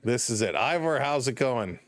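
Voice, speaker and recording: A man's voice: mid-range voice, normal speed. A man from Toronto with a Canadian accent, hosting a live baseball stream, calling play-by-play while chatting with viewers by name, and sounding tired from the late game. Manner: chatty, greets viewers by name, shifts between calm and excited. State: tired, up past bedtime. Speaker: livestream play-by-play host. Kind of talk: casual play-by-play commentary with chat replies.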